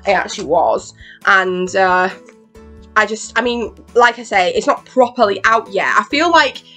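A woman chatting excitedly in a rambling makeup vlog, swearing freely and acting out her own reactions. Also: medium pitch, normal speed, soft background music. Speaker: beauty vlogger. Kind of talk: rambling get-ready-with-me chat.

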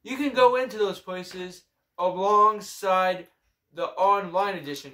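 A man's voice: sits high, a little slow, bright, forceful tone. A young man chatting casually about video games as a co-host, eager and a little hesitant. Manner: eager, hesitant, full of fillers. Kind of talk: casual gaming chat. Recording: echoey room.

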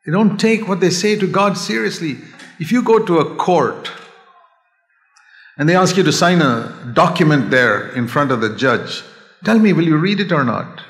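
An older man preaching a sermon, earnest and pleading, dropping to a hush and then rising to a raised voice. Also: on the high side, lively intonation, normal speed. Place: church hall. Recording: echoey hall.

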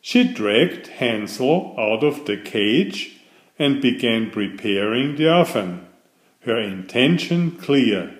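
A man with a medium-pitched voice reads a fairytale aloud in slow, expressive, scripted storybook narration. The recording has an echoey room sound.

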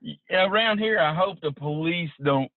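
Male podcast host on a thin phone-quality line, slightly high voice, animated storyteller. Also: normal speed, no echo. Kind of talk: casual chat. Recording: dry tinny phone-like line.

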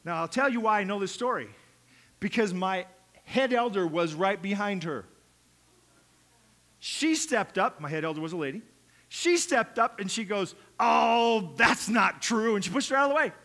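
A man's voice: high-pitched, expressive, moderate pace, long pauses, a bit bright. A middle-aged male pastor preaching a sermon in a conversational, humorous way, acting out little quotes.

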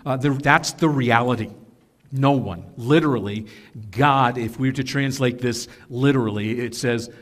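A man's voice: mid-range voice, a bit bright. A man preaching to his congregation, teaching earnestly and with emphasis, with self-corrections and casual asides. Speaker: pastor. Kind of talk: sermon.

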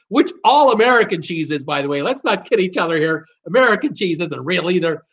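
A man's voice: high-pitched, expressive, fairly quick, few pauses, fairly bright tone. A middle-aged man from Canada hosting a casual live show, joking around and reading out viewer comments. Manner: chatty, jokey, reads out viewer comments. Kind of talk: casual live-stream chat. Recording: dull lo-fi stream audio.

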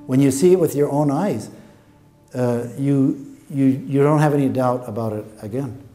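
A man's voice: medium pitch, moderate pace, mellow, soft background music. A man in a documentary interview, earnestly reflecting on what he witnessed.

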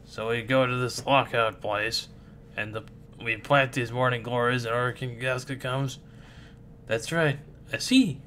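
A man reads a comic book aloud, taking his time over each panel. His voice sits in an ordinary middle range. A faint rumble hangs behind him. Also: measured pace. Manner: lively, jumps between squeaky and gruff voices. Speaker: reader doing all the voices.

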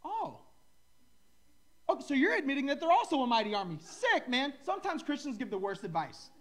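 A man's voice: very high voice, sing-song, fast talker, fairly bright tone. A man preaching a sermon as a pastor, in a loose, conversational way, joking with and teasing his listeners. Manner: conversational, joking, ribs the audience.

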